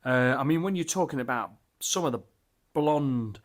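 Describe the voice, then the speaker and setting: A man's voice: medium pitch, expressive, brisk, a bit bright. A man casually reviewing a beer as he tastes it, enthusiastic and rambling, with lots of fillers and restarts.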